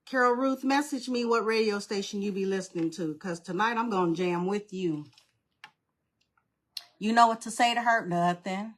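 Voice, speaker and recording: A woman's voice: medium pitch, moderate pace. A woman with a mid-range voice hosting a live crafting stream, chatting informally with viewers. She greets people by name and keeps saying how nervous she is. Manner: informal, uses "y'all" and "girl". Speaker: craft livestream host. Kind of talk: casual live craft demo chat.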